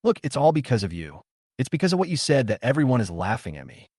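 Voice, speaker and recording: A man's voice: mid-range voice, very animated, fast talker, darkish tone, slightly rough, no echo, clean studio sound. A man voicing a huffy, easily riled young student. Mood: indignant. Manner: huffy, complaining.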